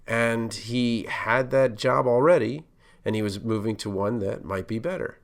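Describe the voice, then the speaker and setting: A man's voice: mid-range voice, a little slow. A middle-aged man hosting a solo podcast, talking casually with many fillers and restarts as he gives career advice. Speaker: podcast host, pharmacist.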